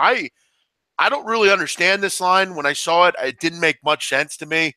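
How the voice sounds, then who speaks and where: Male betting host, animated and upbeat, bright forceful voice. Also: on the high side, fairly quick, no echo. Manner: animated, excitable, full of shout-outs. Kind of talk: betting analysis chat.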